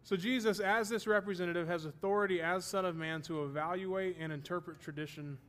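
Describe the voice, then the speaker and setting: A man's voice: sits high, fairly even intonation, fairly quick, a bit bright. A man teaching a Bible study class, explaining terms and checking that his students follow, with the odd self-deprecating joke.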